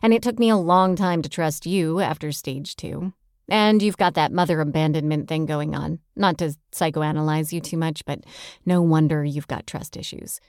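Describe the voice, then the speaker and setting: A woman's voice: low voice, normal speed, darkish tone, dry recording, studio quality. A woman narrator voicing a brash, fiery young woman singer who talks bluntly and teasingly. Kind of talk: audiobook character voice.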